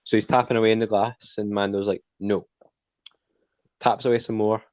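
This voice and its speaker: A man's voice: fairly low pitch, little pitch movement, fast, darkish tone, clear, resonant tone, no room sound. A man co-hosting a casual review podcast, recapping scenes in a plain storytelling way. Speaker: podcast co-host.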